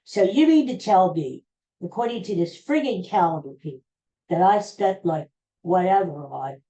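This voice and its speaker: A woman's voice: fairly low pitch, lively intonation, moderate pace, warm tone, low-quality recording. A woman hosting a podcast, chatting casually and rambling with exclamations. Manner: rambling, exclaiming, talks to herself. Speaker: podcast host. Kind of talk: casual chat.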